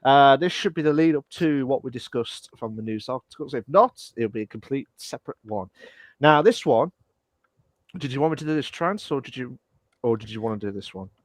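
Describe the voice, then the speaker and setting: A man's voice: mid-range voice, expressive, fairly quick, dry recording, clean studio sound. A man co-hosting a podcast in casual chat, playful and given to silly voices. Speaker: podcast co-host.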